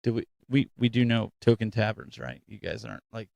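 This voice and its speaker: A man hosting a casual chat show, upbeat and animated, with a close, dry microphone sound. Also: on the low side, fairly quick, gravelly, dry recording. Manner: upbeat, animated announcer-style delivery. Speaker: host.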